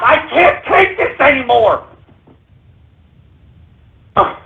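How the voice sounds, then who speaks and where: A man's voice: high-pitched, expressive, moderate pace, husky, narrow, tinny audio. A male radio show host in a call-in monologue, stammering, pleading with listeners and repeating himself in exasperation. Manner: pleading, addresses listeners as folks.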